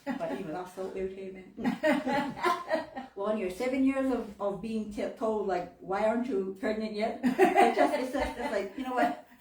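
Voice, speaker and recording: In a church hall, a woman in her thirties gives a candid talk about her personal faith, acting out quoted voices and laughing often. Her voice is medium-pitched, a little mellow, at normal speed, recorded roomy and far from the mic.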